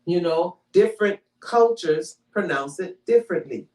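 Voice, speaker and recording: A woman's voice: on the low side, animated, unhurried, a little mellow. A woman preaches a conversational sermon to her congregation, teaching step by step and checking in with "all right?" along the way. She is recorded from a distance in an echoey hall, so her voice rings off the walls. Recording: echoey room, mic from far off.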